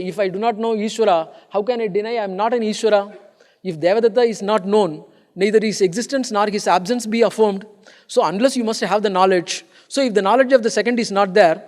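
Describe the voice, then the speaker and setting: A man's voice: high-pitched, darkish tone. A man giving a conference lecture on philosophy, explaining and stressing points, often repeating and restarting his phrases. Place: conference hall. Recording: long hall reverb.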